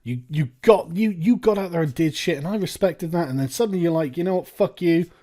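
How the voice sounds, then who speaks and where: A man's voice: fairly high pitch, animated, brisk, dark tone. A man hosting a reaction commentary, ranting in a sarcastic, profane way. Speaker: commentary video host.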